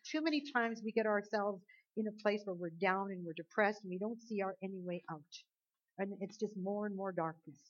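A woman preaching a sermon with animated delivery, rising to loud emphasis and dropping to near quiet. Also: medium pitch, brisk. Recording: dull lo-fi recording.

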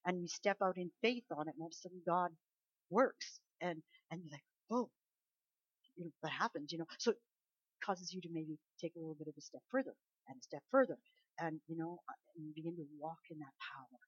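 A woman preaching a sermon, emphatic, swinging between loud declarations and soft asides. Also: low voice, quick pace, husky, no echo. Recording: dull lo-fi dry recording.

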